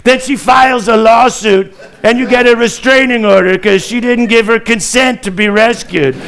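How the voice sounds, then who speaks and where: A man doing a stand-up comedy impression of a blustering, rambling older male president who boasts and raises his voice into near-shouts. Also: extremely high pitch, moderate pace, creaky, a little hiss or hum, exaggerated voice. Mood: ranting.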